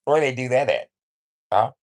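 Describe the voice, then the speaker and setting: A man ranting casually to camera at home, swaggering and taunting with profanity and laughs. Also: mid-range voice. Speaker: vlogger. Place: at home with his cat.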